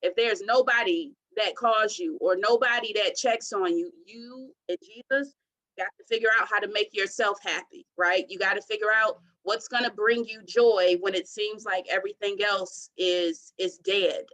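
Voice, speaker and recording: Woman, 30s, from Detroit, podcast guest, expressive testimony, mid-pitched. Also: moderate pace, rough recording. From Detroit, USA. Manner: expressive, testimony-style storytelling. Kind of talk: faith-centered interview talk.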